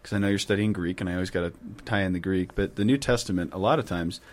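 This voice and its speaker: A man's voice: deep voice, fast talker. A young man co-hosting a podcast, chatting casually with dry, teasing jokes. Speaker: podcast co-host, seminarian. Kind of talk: casual chat.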